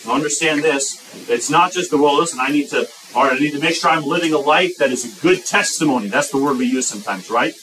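A man delivers a sermon in a fairly high voice, pressing his points through repetition. He slows right down whenever he quotes scripture. The mic sits at some distance, and a faint hiss runs under his voice. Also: fairly bright tone. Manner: emphatic, repeats phrases, slows for quoted scripture. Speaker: preacher.

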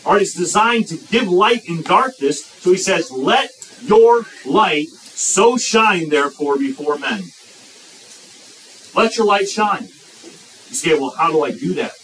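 A man delivers a sermon in a fairly high voice, pressing his points through repetition. He slows right down whenever he quotes scripture. The mic sits at some distance, and a faint hiss runs under his voice. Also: animated, a bit bright. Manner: emphatic, repeats phrases, slows for quoted scripture. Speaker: preacher.

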